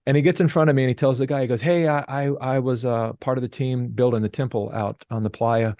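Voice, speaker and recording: A middle-aged man telling a story as a podcast guest, animated and acting out the people he quotes. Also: medium pitch, quick pace, no room sound, clean studio sound. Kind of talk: casual storytelling interview.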